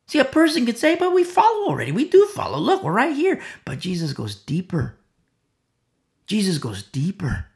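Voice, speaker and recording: Man preacher, gravelly voice, sermon delivery that falls to whispers and rises again, stumbles over repeated words. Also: fairly high pitch. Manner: swings from loud acted quotes to hushed whispers.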